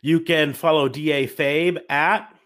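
A man's voice: a little high, a little slow. A man in his thirties hosting a casual podcast, rambling through wrap-up plugs with plenty of ums and restarts. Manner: relaxed, rambling with many fillers. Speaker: podcast host.

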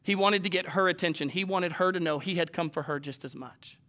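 Bright-voiced preacher, animated. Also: male voice, sits high, brisk. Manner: animated, rising to loud exclamations and acted-out quotes. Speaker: pastor. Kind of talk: sermon. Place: church sanctuary with a live congregation.

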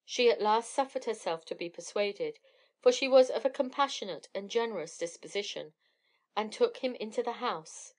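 A woman narrating a classic fairy tale in a measured, even storytelling manner. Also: medium pitch.

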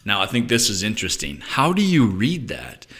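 A man's voice: on the low side, huge pitch swings, moderate pace, a bit bright. A man teaching a reflective Bible study, thinking aloud and often restarting his sentences. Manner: thoughtful, musing aloud with frequent restarts.

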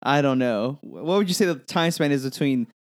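A man co-hosting a movie podcast in casual chat, joking and swearing, quick to laugh. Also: medium pitch, lively intonation. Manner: joking, profane, laughs a lot. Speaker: podcast co-host.

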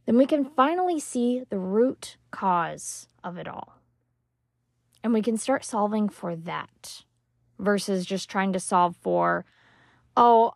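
A woman's voice: a little high, vocal fry, no room sound, clean studio sound. A woman hosting a parenting-coach podcast, talking emphatically and casually, sometimes acting out what stressed moms say. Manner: animated, emphatic, acts out quoted moms; casual, swears now and then. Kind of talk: motivational solo podcast talk.

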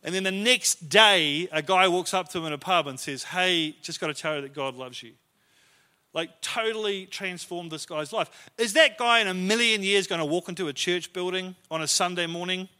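A male pastor preaches in a church, his voice high for a man and very bright. He tells stories in a loose, conversational way, poking fun at himself as he goes. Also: normal speed, few pauses. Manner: storytelling, conversational and self-deprecating. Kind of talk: sermon.

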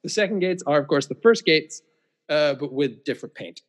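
Wry, higher-pitched man chatting. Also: a little fast. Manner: wry and deadpan, lots of "uh" and "um". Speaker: podcast co-host. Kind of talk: casual chat about a film.

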